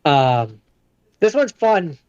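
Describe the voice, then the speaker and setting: A man's voice: on the high side, big pitch swings, extremely slow, a little mellow, clean tone, no echo, dull audio. A man co-hosting a casual podcast chat, hesitant and full of fillers and restarts. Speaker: podcast co-host.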